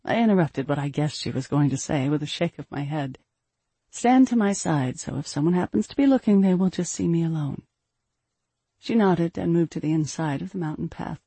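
Female narrator, first-person fantasy, breathy and measured, dry. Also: deep voice, no room sound. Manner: measured, steady storytelling. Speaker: audiobook narrator.

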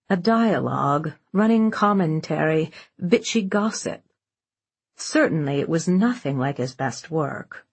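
A woman's voice: mid-range voice, a little mellow, husky. A woman narrating an audiobook in a composed, wry way. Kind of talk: scripted narration.

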